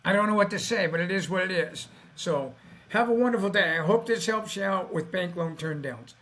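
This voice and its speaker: A man's voice: sits high, a little fast, fairly bright tone. A man who founded a business funding company, giving plain-spoken, folksy advice in a casual video monologue, acting out what bankers and clients say and sounding a little tired. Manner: plain-spoken, mild cursing. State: tired, yawning.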